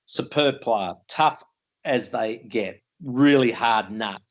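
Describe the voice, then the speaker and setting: A man's voice: medium pitch, slow, highs cut off. An older Australian man, a retired footballer, telling colloquial stories in a casual interview and laughing at his own tales.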